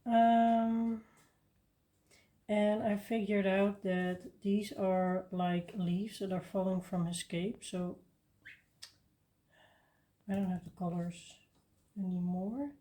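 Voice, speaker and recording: A woman talks through her coloring session at an unhurried pace, thinking aloud as she works. Her voice is dark and mellow. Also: mid-range voice, flat delivery. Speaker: coloring video host. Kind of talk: casual coloring commentary.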